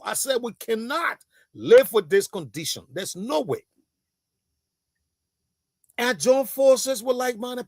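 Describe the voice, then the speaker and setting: A man on a political talk show panel, arguing in an animated, insistent way and repeating his points. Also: very high voice, no room sound.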